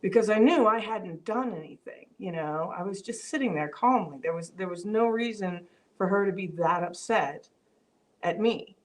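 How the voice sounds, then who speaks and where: This vlog host speaks at medium pitch and a moderate pace in a casual live stream. She reflects aloud, reads out comments from viewers, and often restarts or uses fillers.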